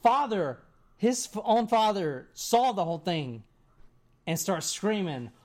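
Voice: mid-range voice, big pitch swings, takes it slowly, a little mellow. A person telling a story to friends in a casual, rambling way, with many "like"s and "right?"s.

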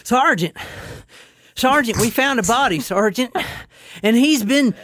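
A man's voice: very high-pitched, animated, measured pace, fairly bright tone, a little hiss or hum, voice pushed up, full character voice. A man reading the part of a panicked, out-of-breath young male soldier in an attempted Southern drawl, urgent and repetitive.

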